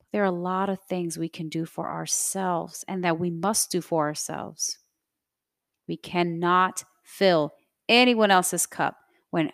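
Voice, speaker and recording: A woman in her thirties hosting her own podcast, talking in an earnest, motivational way with soft breathy asides. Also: on the low side, no echo, clean studio sound. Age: 30s. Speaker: podcast host. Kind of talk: reflective solo podcast talk.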